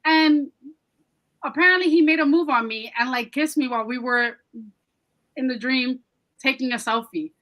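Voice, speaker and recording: A woman co-hosting a podcast, telling a story in an animated, casual way and swearing freely. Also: high-pitched, normal speed, long pauses, rough recording. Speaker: podcast co-host. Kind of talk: casual chat.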